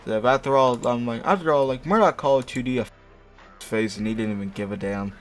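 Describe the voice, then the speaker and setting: A man's voice: mid-range voice, fast talker, soft background music. Sarcastic young man reading fanfic. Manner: sarcastic, laughing, stumbling over words. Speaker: host reading fanfiction aloud. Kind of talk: mocking fanfic reading, casual chat.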